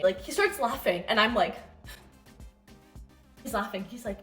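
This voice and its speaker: A woman competing in bodybuilding, telling a story and giving diet tips in a chatty, animated way that swears freely. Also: mid-range voice, moderate pace, long pauses, soft background music. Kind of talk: casual storytelling vlog.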